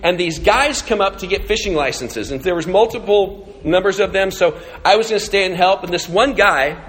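High-voiced preacher in an echoey hall. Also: male voice, normal speed, fairly bright tone. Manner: conversational storytelling. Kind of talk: sermon. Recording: echoey hall with long reverb.

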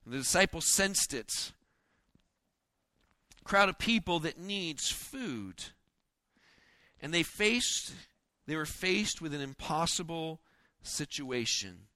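A man preaching a sermon in a folksy, joking way, acting out the disciples' lines in quick asides. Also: on the high side, sing-song, pushed and bright, no room sound. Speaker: pastor.

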